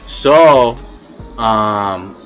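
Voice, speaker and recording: A low-voiced man telling a casual, rambling story about his rideshare driving days. He swears freely and leans on "you know" after almost every line. Faint music plays underneath. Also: very slow, fairly bright tone, muffled recording. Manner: rambling, profane, constant "you know" fillers. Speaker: former rideshare driver.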